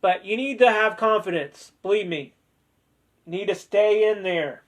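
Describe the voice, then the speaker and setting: A man's voice: high-pitched, moderate pace. A man hosting a casual discussion, chatty and joking with playful sarcasm, turning sincere and sentimental when speaking of family. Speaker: host of a discussion video. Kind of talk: casual chat.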